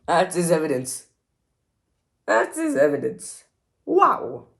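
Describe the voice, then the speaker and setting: Mocking young guy reacting, lively pitch. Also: normal speed. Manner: mocking, exasperated, lots of "like" fillers. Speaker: reaction video host. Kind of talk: sarcastic reaction commentary.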